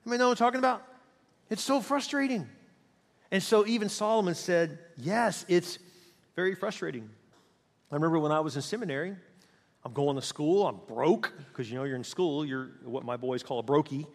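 A man's voice: on the high side, expressive, a little fast, vocal fry. Passionate male preacher in a reverberant hall. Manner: passionate preaching with big swings in loudness and pace. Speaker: pastor. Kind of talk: sermon.

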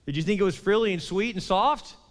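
A man pastor preaching a sermon, emphatic, swinging between loud and hushed passages. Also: high-pitched, brisk, big-room sound.

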